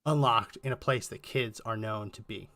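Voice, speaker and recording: Bright-voiced man reading texts aloud. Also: fairly low pitch, moderate pace. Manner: reads documents and messages aloud, then comments sardonically. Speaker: podcast co-host. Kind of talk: political podcast commentary.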